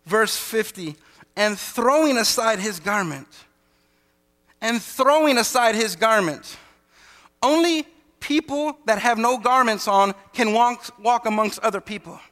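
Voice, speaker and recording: High, bright-voiced preacher in an echoing hall. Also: male voice, a little slow. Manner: emphatic preacher asking the congregation for responses. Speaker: pastor. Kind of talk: sermon.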